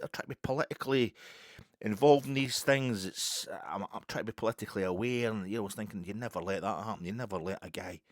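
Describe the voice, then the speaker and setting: A Scottish man in his fifties telling a rambling story in a casual monologue, full of restarts and sudden loud bursts. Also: fairly low pitch, no room sound, clean studio sound. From Scotland. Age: 50s. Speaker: podcast host.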